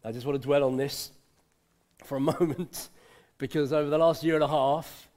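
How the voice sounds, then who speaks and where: A man's voice: a little high, steady tone, moderate pace, darkish tone. A man giving an informal, conversational sermon and chuckling often. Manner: conversational, repeats words for emphasis, chuckles often. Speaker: preacher.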